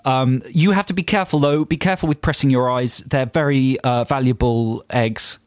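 A man's voice: mid-range voice, moderate pace, no room sound. A man co-hosting a radio show, teasing his partner and bantering. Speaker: radio co-host. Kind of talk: casual radio chat.

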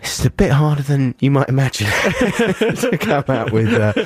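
A man's voice: mid-range voice, sing-song, breathy edge, no echo. A man co-hosting a radio show with a cold, rambling and joking through on-air banter in a studio. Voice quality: rambling, self-interrupting, quick to joke. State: has a cold.

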